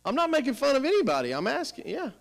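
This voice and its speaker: A high-pitched middle-aged man runs a professional development session for teachers in a school room. He talks in an energetic, questioning way, prodding the tables for answers. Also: fast, gravelly, noisy background. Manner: energetic, questioning, coaxing the audience. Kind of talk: teacher training workshop.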